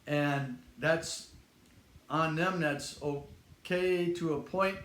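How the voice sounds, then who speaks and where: A man's voice: a little high, fairly even intonation, drawn-out words, fairly bright tone. An older man hosting his fitness channel, talking casually and bluntly to the camera, acting out the voices of people he quotes. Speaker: fitness channel host, retired instructor. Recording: echoey room with faint noise.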